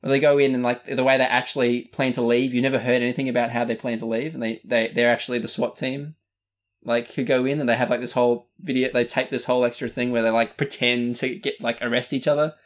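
Aussie guy chatting about a movie, lots of um and like, mid pitch, keeps circling back. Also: level tone, fast. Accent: Australian. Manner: rambling, many fillers and restarts. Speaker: podcast co-host. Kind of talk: casual movie review chat.

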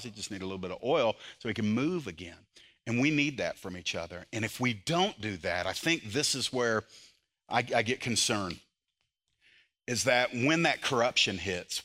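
A pastor with a lowish voice preaches a sermon. He swings between loud, impassioned emphasis and quiet, earnest intensity.

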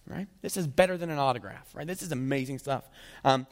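A man's voice: medium pitch, fairly quick. A man in his thirties, a pastor giving a casual, joking sermon and often checking in with "right?". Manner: conversational and jokey, keeps asking "right?". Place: church sanctuary. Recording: echoey church hall.

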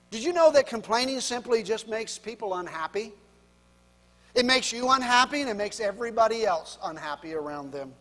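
High-voiced man preaching in a reverberant hall. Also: expressive, fairly quick. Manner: folksy and self-deprecating, laughs often; swings from quiet asides to loud emphatic preaching. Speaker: pastor. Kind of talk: sermon.

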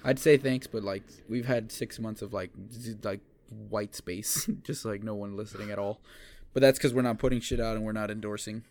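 A man's voice: on the low side, fairly even intonation, normal speed, a little mellow. A young man co-hosting a podcast in casual chat, rambling and swearing with lots of restarts. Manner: rambling, profane, restarts a lot. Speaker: podcast co-host.

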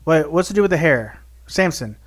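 A man's voice: on the high side, expressive, brisk. A man co-hosting a podcast, chatting casually in a brash, profane, joking way. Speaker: podcast co-host. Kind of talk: casual chat.

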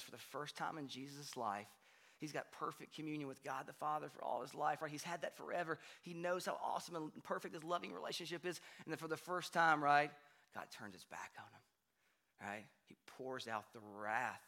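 A man preaching a sermon in a conversational way, often checking in with "right?" and swinging from hushed to loud. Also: a little high, moderate pace. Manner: conversational, frequent "right?" asides, animated swings from quiet to loud. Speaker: pastor.

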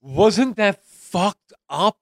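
A man's voice: high voice, expressive, very slow, vocal fry. A man co-hosting a comedy movie-review podcast, emphatic and incredulous, swearing freely. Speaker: podcast co-host.

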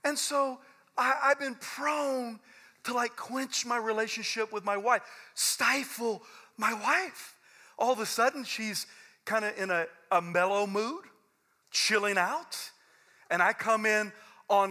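A middle-aged male pastor preaching with a high, bright, forceful voice. He is intense and conversational, repeats himself and stumbles over restarts, then climbs into loud fervent peaks before dropping back to low, quiet asides. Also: unhurried. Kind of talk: sermon.

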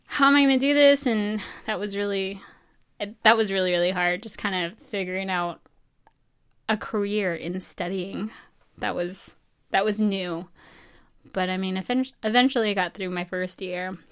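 A young woman from New Mexico talks through her time in medical school in a loose, rambling way. Her voice is smooth and clear, sitting in a middle pitch, and she laughs often and slips into the voices of people she quotes. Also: moderate pace. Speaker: medical student interviewee. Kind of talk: casual personal storytelling.

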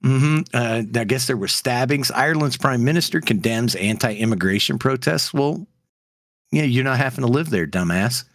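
A man's voice: medium pitch, normal speed, fairly bright tone, dry recording. Man, casual podcast chat, heated and opinionated, filler-heavy, dry close mic. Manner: heated ranting with frequent fillers. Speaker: podcast co-host.

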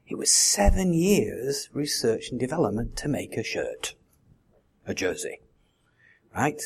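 Husky preacher man asking questions. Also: mid-range voice. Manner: conversational, with rhetorical questions. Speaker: pastor. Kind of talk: sermon.

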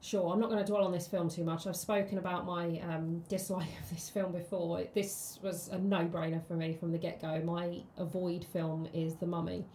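A woman's voice: fairly low pitch, little pitch movement, moderate pace, few pauses, mellow, a little hiss or hum. A woman, co-hosting a casual film podcast and chatting with many ums and restarts. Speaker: podcast co-host. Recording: roomy echo.

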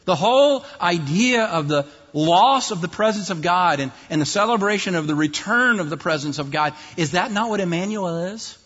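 A man preaching a sermon in an explanatory, lively way, at times acting out other voices mockingly. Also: high voice, moderate pace, few pauses, slightly rough. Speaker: pastor. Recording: dull distant sound in a reverberant hall.

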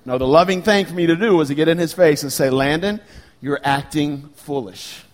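A man in his thirties preaching a sermon as pastor, earnest and animated when he tells stories. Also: fairly high pitch, fast talker.

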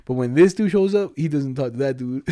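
A man in casual, profane chat, telling fast stories and acting out the people in them. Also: fairly high pitch, lively intonation, mellow, no room sound. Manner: fast, profane storytelling, mimics people he quotes.

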